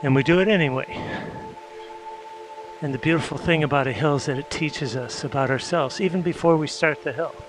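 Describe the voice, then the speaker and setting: Breathless cycling instructor over loud music. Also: male voice, on the high side, fairly quick, low-quality recording. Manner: calm, encouraging, reflective coaching while pedaling. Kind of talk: guided meditative spin class coaching. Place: indoor cycling room with windows. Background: loud yoga music.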